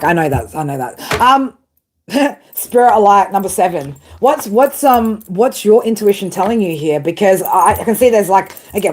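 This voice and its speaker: A woman's voice: medium pitch, background noise. A woman in her thirties giving a blunt tarot reading, swearing freely, handing out tough love and asking "right?" over and over. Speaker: tarot reader.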